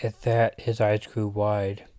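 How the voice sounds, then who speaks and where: A man reading a spooky story aloud as its narrator, in a deliberate manner with the odd aside to his listeners. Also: lowish voice, monotone, dark tone, dry recording, clean studio sound. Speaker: channel host reading his own story.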